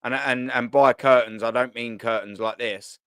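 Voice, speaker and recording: A man's voice: mid-range voice, fairly even intonation, normal speed, fairly bright tone, clean tone, no echo. A man hosting a casual football chat stream, rambling and cheeky, swearing freely. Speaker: host.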